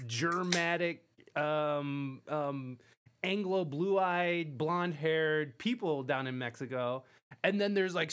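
Brief: laid-back male host, slightly high voice, swears a lot, rambles with fillers. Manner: profane, rambling, hesitant with many fillers. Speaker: podcast host. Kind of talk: casual interview talk.

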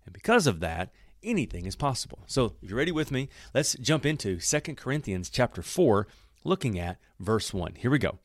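A man's voice: medium pitch, very animated, fairly quick, dry recording. Guy doing a chatty bible teaching podcast, mid voice, dead dry sound. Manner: warm, conversational storytelling with self-corrections.

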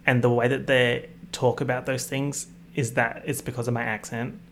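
A man's voice: mid-range voice, flat delivery, normal speed, a bit bright, a little hiss or hum. A young man with an Australian accent giving a chatty, ranting commentary on pop culture, prone to dramatic exaggeration. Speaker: podcast host.

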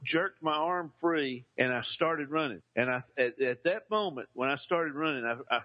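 A man's voice: fairly high pitch, normal speed, highs cut off. A man telling a funny childhood story in a loose, rambling way, with plenty of fillers and restarts. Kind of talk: casual comic storytelling.

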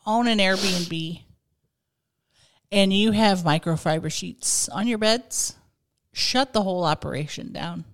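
Podcast co-host, woman, mid-pitched voice, teasing and deadpan, casual banter. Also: takes it slowly. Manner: teasing, playful, deadpan jabs. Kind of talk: casual comedic chat. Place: rented house in California.

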